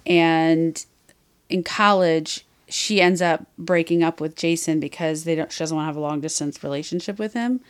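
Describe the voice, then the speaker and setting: A woman's voice: sits low, moderate pace, clear, resonant tone. A woman podcast host in casual chat, retelling a story in a frank, rambling way with many fillers.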